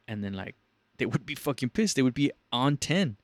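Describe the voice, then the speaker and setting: A man's voice: lowish voice, fairly quick, dry recording. A young man telling a story on his podcast, swearing freely and acting out angry callers in raised voices. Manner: profane, animated, acts out callers in raised voices. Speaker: podcast host. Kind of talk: casual storytelling chat.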